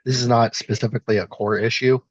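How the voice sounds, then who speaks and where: A man's voice: mid-range voice, fairly even intonation, fast talker, breathy edge, dry recording. A man speaking hesitantly in an online meeting over a video call, with lots of fillers. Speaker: meeting participant. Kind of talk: casual online meeting talk. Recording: dull lo-fi call audio.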